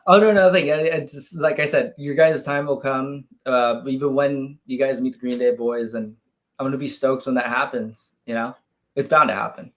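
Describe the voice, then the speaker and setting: A man talks about his band's music in an easy, unhurried way, dropping swear words for emphasis. His voice is a plain mid-pitched one. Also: fairly even intonation. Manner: laid-back, swears for emphasis, with many fillers. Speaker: band member guest. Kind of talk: casual interview chat.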